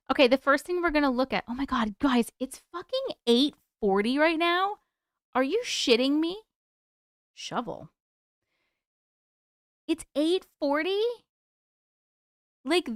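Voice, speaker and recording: A woman hosting a casual live stream from her desk at home, chatty and excitable, swearing freely. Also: high-pitched, no room sound, studio quality.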